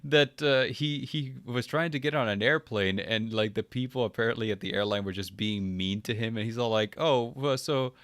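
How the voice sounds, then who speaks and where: A man with a low voice chats casually as a podcast host. He tells stories with a lively, laughing manner and breaks into quick impressions. The sound is dry and close, with no room echo. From Texas. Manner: laughing, animated storytelling with impressions. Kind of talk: casual chat.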